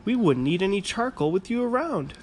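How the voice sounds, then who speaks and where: An imaginative, eager little boy from a bedtime storybook, voiced by a man. His voice is pitched up and excited, and he turns stubborn when he wants to keep what he loves. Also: fairly quick, slight background noise.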